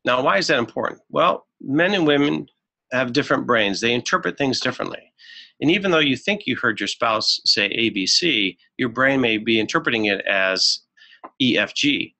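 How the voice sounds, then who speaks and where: A man with a bright, forceful tone gives a webinar talk on marriage to couples. He speaks in an earnest, instructive way, with a mid-range pitch, and often pauses with "uh" and "um" as he moves through his slides. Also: lively intonation, vocal fry. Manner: earnest, instructive, frequent fillers. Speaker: marriage counselor presenting a webinar. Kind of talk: webinar presentation. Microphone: webinar microphone.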